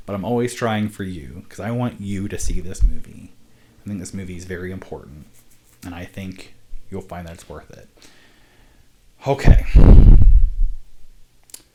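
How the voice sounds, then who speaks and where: A man's voice: deep voice, a little mellow, slight background noise. A man talking to camera in a casual, rambling vlog, earnest and sweary, often breaking into laughter. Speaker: vlogger, independent filmmaker.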